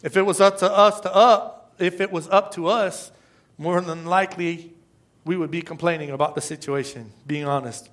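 Middle-aged male pastor, emphatic sermon delivery, tense bright tone, rhetorical questions. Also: high voice, steady tone, moderate pace. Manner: emphatic preaching, repeats phrases and asks rhetorical questions.

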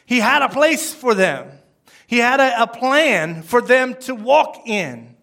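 Lively high-voiced pastor preaching. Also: male voice, slow pace, vocal fry. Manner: animated, acts out quoted lines, swings from loud to hushed. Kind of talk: sermon.

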